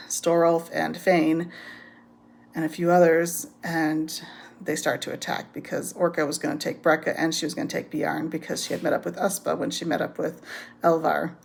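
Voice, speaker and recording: Low gravelly woman recapping a book. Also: little pitch movement, normal speed, a little mellow. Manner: rambling, many ums, laughs often. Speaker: book reviewer. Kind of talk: casual spoken book recap.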